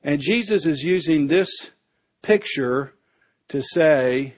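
A man's voice: on the high side, animated, takes it slowly, dry recording. A male pastor delivering a sermon in a conversational storytelling way, with touches of humor. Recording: dull lo-fi recording.

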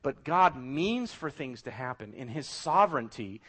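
Lively, animated male preacher. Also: mid-range voice, normal speed, few pauses. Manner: animated, emphatic preaching with rhetorical questions. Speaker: pastor. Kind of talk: sermon.

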